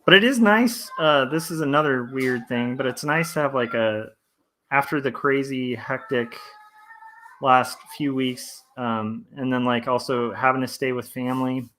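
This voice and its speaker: A man's voice: mid-range voice, measured pace. A man in his thirties chatting casually on a livestream while he draws, rambling through many fillers and restarts and reading chat messages aloud. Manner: relaxed and friendly, reads chat aloud. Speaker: comic artist streamer. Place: home studio indoors.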